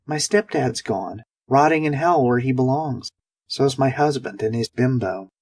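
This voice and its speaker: A woman's voice: a bass voice, expressive, unhurried, darkish tone, breathy edge, dry recording, pitched above the performer's own voice, exaggerated voice. A man voicing a shaken, giggly woman astronaut with nervous humor, in an audiobook reading. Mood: bitter. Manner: nervous giggling, bitter jokes.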